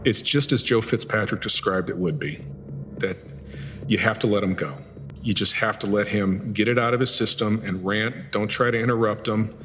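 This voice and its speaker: A lower-voiced former FBI agent recounts an interrogation in a documentary interview. His telling grows animated and forceful. The voice carries a long reverb tail, with music playing clearly beneath. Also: normal speed. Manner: animated storytelling, voice rising in intensity.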